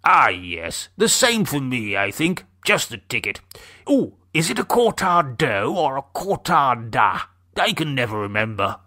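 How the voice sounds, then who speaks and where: Guy reading a jolly 55-year-old retiree, bright voice, big swooping pitch, slow and hearty. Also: sing-song, exaggerated voice. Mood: musing. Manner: hearty, bumbling, exclaiming. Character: jolly, self-pleased 55-year-old English retiree man. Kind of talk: audiobook character reading.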